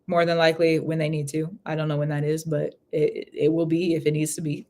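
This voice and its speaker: A woman's voice: sits low, little pitch movement, brisk, dark tone. A woman giving a live spiritual reading in casual chat, who laughs often and repeats phrases. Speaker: spiritual reader.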